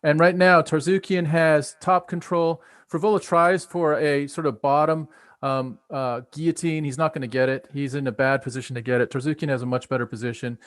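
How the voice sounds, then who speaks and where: A man with an American accent, co-hosting a live stream and giving casual, excited play-by-play of a fight, full of filler words. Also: fairly high pitch, brisk, no room sound. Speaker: stream co-host.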